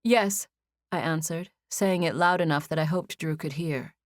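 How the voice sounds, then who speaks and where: A woman reading a first-person novel as an audiobook narrator, in an even, measured storytelling style, on a close studio mic. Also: low voice, dry recording.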